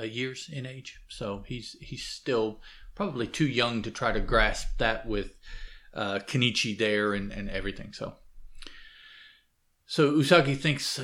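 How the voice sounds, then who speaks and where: A man's voice: medium pitch, a bit bright. A man reads a comic book aloud and chats about it in a mid-range voice. He talks casually, hesitates a lot and often stops to correct himself. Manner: hesitant, many fillers and self-corrections. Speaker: comic book reader and commentator. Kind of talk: casual read-aloud with commentary.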